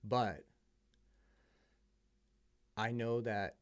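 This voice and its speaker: A man's voice: fairly low pitch, fairly even intonation, very slow. A man telling his personal story as a podcast guest, earnest and heartfelt, with many fillers. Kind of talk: personal testimony in conversation.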